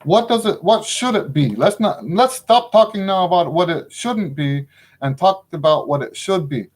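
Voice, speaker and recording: Frank middle-aged man, fairly high voice. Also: expressive, moderate pace. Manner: frank and opinionated, often checks in with "right?". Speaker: trumpet teacher. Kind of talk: casual spoken lesson.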